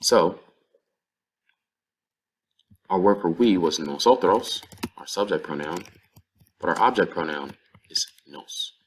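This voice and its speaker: Very deep-voiced man teaching. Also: expressive, unhurried, slight background noise. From North Carolina, USA. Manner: patient, step-by-step explaining with example phrases. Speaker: Spanish teacher. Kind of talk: explanatory language lesson.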